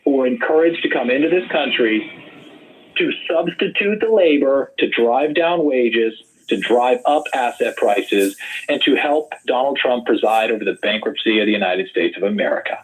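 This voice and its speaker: A man running as a political candidate, talking loud and rambling and mocking his opponents in a heated online debate. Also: mid-range voice, expressive, normal speed. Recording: tinny call audio.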